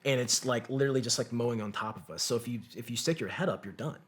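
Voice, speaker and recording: A man's voice: mid-range voice, quick pace, husky. A combat veteran, a man, telling his war story as a podcast guest, swearing freely and acting out what others said. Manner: profane, vivid war storytelling; acts out quotes of others. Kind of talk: storytelling in conversation.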